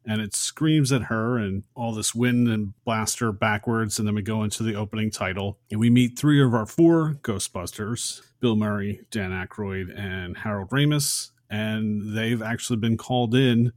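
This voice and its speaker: A man's voice: on the low side, moderate pace, hardly any pauses, darkish tone, no echo, studio quality. A man co-hosting a casual podcast, summarizing a film in a friendly way. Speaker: podcast co-host.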